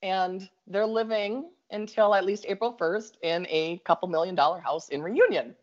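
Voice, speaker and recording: A woman with a Minnesota accent telling a story in a casual chat, animated and quick to laugh. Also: mid-range voice. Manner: animated, laughs often, talks in bursts. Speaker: guest storyteller. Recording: slightly dull lo-fi audio.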